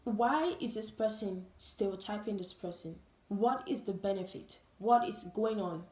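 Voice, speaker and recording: A woman's voice: medium pitch, measured pace, darkish tone. A woman vlogger giving an emphatic, repetitive monologue full of rhetorical questions. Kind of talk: opinion vlog monologue. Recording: roomy echo.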